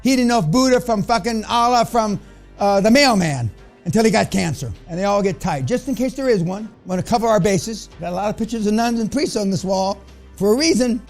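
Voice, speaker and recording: A man holds forth before a seminar room, blunt, crude and provocative as he rambles from point to point. His voice sits rather high for a man, and faint music runs underneath. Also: a little fast. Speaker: business seminar speaker. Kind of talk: profane seminar lecture to a room.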